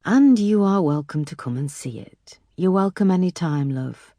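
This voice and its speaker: A woman voicing an older Yorkshire father, kind and a bit gruff, speaking gently and consolingly in an audiobook. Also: fairly low pitch, expressive, normal speed, dry recording.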